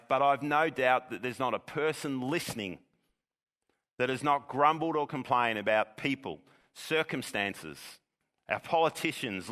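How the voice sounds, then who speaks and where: Man, pastor, sermon, earnest and measured, forceful tone, echoing hall. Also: mid-range voice. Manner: earnest, measured preaching with repeated words.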